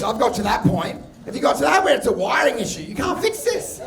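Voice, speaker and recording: A man doing a stand-up set, telling brash, shouty, crude jokes. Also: very high voice, sing-song, fast talker, creaky, distant mic, over music. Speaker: stand-up comedian. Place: comedy club stage with live audience. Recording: echoey club, mic off, loud crowd.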